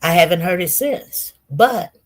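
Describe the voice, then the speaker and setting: A woman telling viewers a personal testimony with great intensity, swinging from loud outbursts to hushed murmurs and often repeating herself. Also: on the low side, lively intonation, a little slow. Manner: repetitive, restarts. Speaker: online show host.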